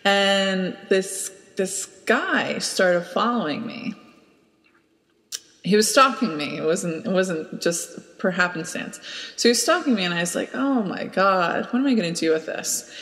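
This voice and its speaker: A woman's voice: medium pitch, expressive, a little slow, fairly bright tone, in a large hall. A woman hosting a podcast, chatting casually and telling a story with lots of laughter. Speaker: podcast host. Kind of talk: casual chat and anecdote.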